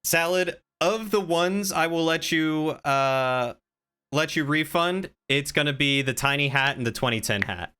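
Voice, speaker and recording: Guy streamer rambling playfully at chat, bright crisp voice, kinda high. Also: measured pace. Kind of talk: casual live-stream chat.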